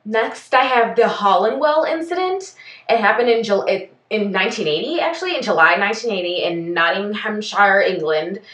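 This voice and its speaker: A woman's voice: medium pitch, lively intonation, moderate pace, a bit bright, roomy sound, recorded from a distance. A woman co-hosting a podcast, chatting casually through a case from her notes with plenty of fillers and self-corrections. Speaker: podcast co-host.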